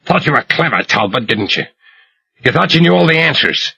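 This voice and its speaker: A man's voice: medium pitch, expressive, a little slow, creaky, pushed and bright, slightly rough, dry recording, heavily acted. A man voicing a jittery, vicious junkie gunman who rants and sneers with venom. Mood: ranting. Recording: muffled lo-fi recording.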